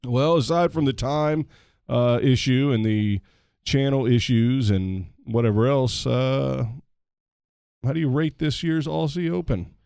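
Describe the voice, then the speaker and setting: A man's voice: medium pitch, gravelly, darkish tone, clear, resonant tone, dry recording, clean studio sound. Joking man hosting a chat podcast. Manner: joking, teasing, talks in quick bursts. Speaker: podcast host. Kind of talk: casual chat.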